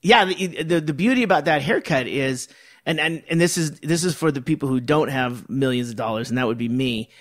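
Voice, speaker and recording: A man's voice: fairly high pitch, fairly quick, fairly bright tone. A man chatting on a podcast, self-deprecating and loose, often restarting his sentences. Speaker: podcast co-host. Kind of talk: casual chat.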